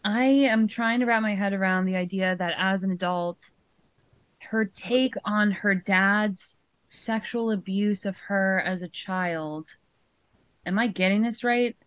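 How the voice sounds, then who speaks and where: A woman co-hosting a podcast, talking through her reaction in loose, questioning chat full of "like" and "you know." Her voice sits at an ordinary middle pitch. The sound is close and dry, with no room to it. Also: measured pace, clean tone, no room sound. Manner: thinking aloud, questioning, many fillers. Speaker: podcast co-host.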